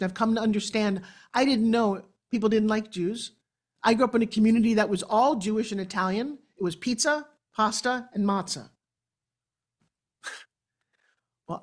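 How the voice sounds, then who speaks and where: A woman in her sixties with a New York accent, speaking on an event stage as a motivational speaker. She tells her stories dramatically, acting out the quotes. Her voice sits at an ordinary, mid-range pitch. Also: moderate pace. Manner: dramatic, animated storytelling with acted-out quotes. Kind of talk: motivational keynote speech. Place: event stage before an audience.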